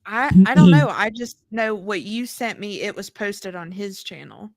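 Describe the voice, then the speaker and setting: A woman's voice: mid-range voice, normal speed, a little mellow, no room sound, studio quality. A woman co-hosting a casual chat show, asking questions in a hesitant way with many restarts. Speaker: podcast co-host.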